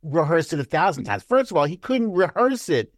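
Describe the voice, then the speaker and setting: A man chatting casually and animatedly, with a voice that rises and falls a lot. He acts out what others said with big leaps in pitch. The sound is dry and close. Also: big pitch swings, brisk, no echo. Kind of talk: casual political chat.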